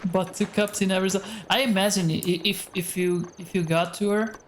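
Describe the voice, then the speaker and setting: Soft-voiced man streaming a game. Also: high-pitched, steady tone, normal speed, slight background noise. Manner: rambling, talks to chat while playing. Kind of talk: casual live-stream gameplay chat. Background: faint game music.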